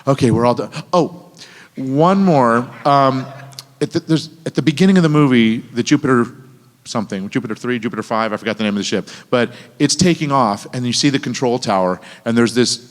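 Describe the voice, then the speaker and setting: Animated male voice actor telling stories. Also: medium pitch, fast. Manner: animated, acts out quoted people in shifting voices. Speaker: voice actor panel guest. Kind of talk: anecdotal convention panel storytelling. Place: convention panel room. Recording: convention hall with long reverb.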